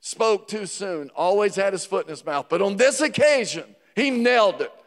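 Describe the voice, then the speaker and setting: Male preacher, high-pitched, call-and-response delivery, long church-hall reverb. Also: animated, normal speed. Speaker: pastor. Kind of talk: sermon. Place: church sanctuary.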